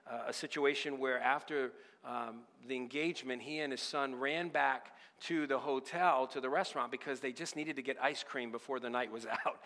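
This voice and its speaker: A man's voice: medium pitch, pushed and bright, long reverb tail. A man preaching a sermon, telling a story with voiced quotes and exhorting his church to give. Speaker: pastor. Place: church sanctuary.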